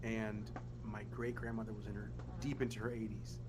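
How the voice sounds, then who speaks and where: A man hosting a podcast, telling animated, profane family stories in casual chat. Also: lowish voice, moderate pace, heavy background noise. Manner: animated, profane, acts out quotes. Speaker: podcast host.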